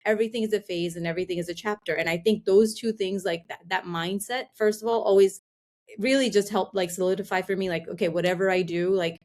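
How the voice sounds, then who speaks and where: Her medium-pitched voice is steady and somewhat dark, and she moves at a quick pace. A middle-aged woman guesting on a podcast, she reflects openly in a casual chat, says "like" a lot, and re-enacts her earlier thoughts.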